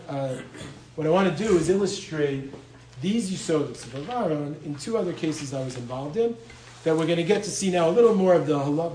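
A man with a slightly higher voice delivers a casual Torah lecture. He often stops to repeat words and drops in Hebrew and Yiddish terms. The recording is roomy and echoey, with a faint hum of background noise underneath. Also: dark tone. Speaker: lecturer on Jewish law and medical ethics.

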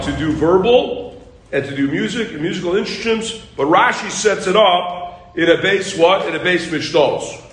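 A man's voice: fairly high pitch, echoey room, poor audio. Man teaching a Talmud class, quizzing students. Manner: quizzing students with "what?" questions, animated.

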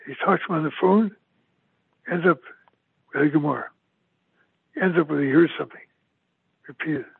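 A man's voice: fairly high pitch, normal speed, gravelly, husky, no echo. An older man giving a eulogy, emotional and emphatic, repeating his words often. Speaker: eulogy speaker. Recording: tinny phone-like, dry sound.

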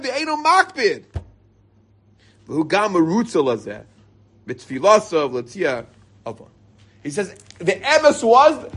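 A man's voice: very high-pitched, a bit bright. A middle-aged man teaching an informal Torah class to a live group, reading Hebrew passages and then explaining them in casual, joking English.

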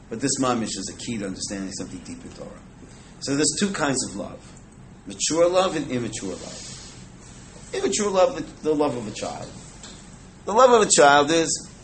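Teaching Torah informally to a live crowd, this man keeps things conversational, cracks jokes with the audience and uses Hebrew and Yiddish terms. His voice is medium-pitched, and the poor recording has a little hiss or hum.

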